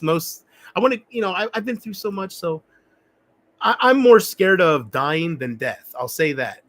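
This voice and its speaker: A man talking alone on a livestream, rambling and reflective, often halting and restarting his sentences. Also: fairly high pitch, a bit bright. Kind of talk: rambling solo livestream talk.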